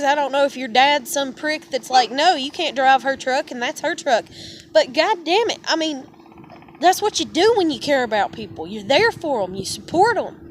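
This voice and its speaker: A woman's voice: sits high, slight background noise. A woman venting in a heated, profane, rambling monologue. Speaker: vlogger.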